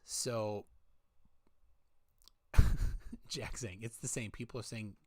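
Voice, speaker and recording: A man hosting a casual livestream, reading out chat comments in a rambling, halting way with many fillers, holding his mic close at home. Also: fairly low pitch, fairly even intonation. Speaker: livestream host. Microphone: handheld mic held close.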